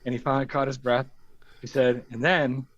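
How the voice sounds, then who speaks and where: A man's voice: medium pitch, fairly quick, highs cut off. A man telling a crude anecdote on a casual stream, swearing and acting out the quotes. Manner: profane, animated storytelling with acted-out quotes. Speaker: storyteller on a stream.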